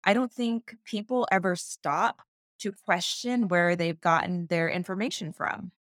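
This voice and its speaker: A woman in her thirties tells a personal story as a podcast guest, her voice a little low. She is animated, laughs often and acts out the voices she quotes. The sound is close and dry. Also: a little slow, no room sound. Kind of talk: casual storytelling in an interview.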